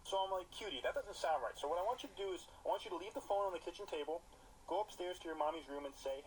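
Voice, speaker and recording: Fast-talking man telling a joke. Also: sits high, a little hiss or hum. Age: adult. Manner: quick, animated delivery, acts out both sides of a phone call. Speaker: storyteller.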